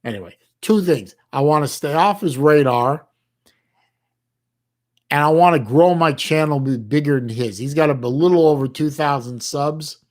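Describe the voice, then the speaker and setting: A middle-aged man from the United States hosting a livestream, chatting casually with his chat in a halting way with many restarts and folksy slang. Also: fairly high pitch, darkish tone. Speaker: livestream host reading chat.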